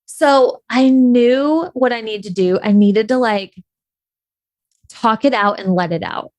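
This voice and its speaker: Here a woman online creator recounts something from her own life, chatty and open, with "like" and "you know" everywhere. She talks slowly in a higher, slightly mellow voice, and the recording is dry.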